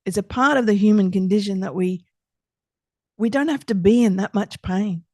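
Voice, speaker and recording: A middle-aged woman hosting a podcast, calmly leading listeners through slow breathing exercises with gentle, soothing instructions. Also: mid-range voice, no echo, clean studio sound. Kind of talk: calm guided breathing exercise.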